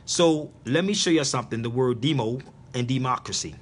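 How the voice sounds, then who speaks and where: A man's voice: medium pitch, fairly quick. A man hosting a live internet radio stream, lecturing in an emphatic, preachy way and repeating his points.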